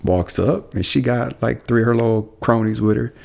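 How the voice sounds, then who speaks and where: A man's voice: medium pitch, moderate pace, creaky. A man, a police officer, telling a story casually on a podcast and acting out what people said. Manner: animated storyteller, acts out quotes.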